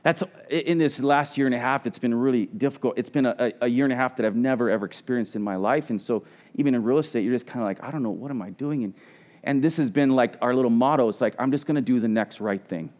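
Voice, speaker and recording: A man's voice: medium pitch, fast talker, a little mellow. A middle-aged man preaching a sermon as pastor, earnest and conversational, often restarting his words.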